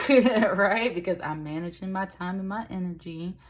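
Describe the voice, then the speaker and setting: A woman's voice: lowish voice, measured pace, few pauses. A woman giving a casual tarot reading, chatty and rambling, with lots of fillers. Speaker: tarot reader.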